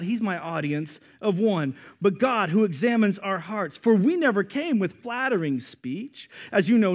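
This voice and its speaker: A young man preaching a sermon with animated delivery, calling for amens and acting out quoted voices. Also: sits high. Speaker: pastor.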